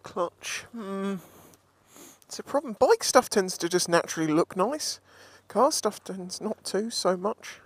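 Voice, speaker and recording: A man's voice: high-pitched, expressive, measured pace, slightly rough. A man vlogging a motorbike ride, chatting and joking to himself and his viewers through a helmet mic. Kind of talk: casual running commentary. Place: riding a motorbike on the road, later walking a scrap yard. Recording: loud wind and road noise.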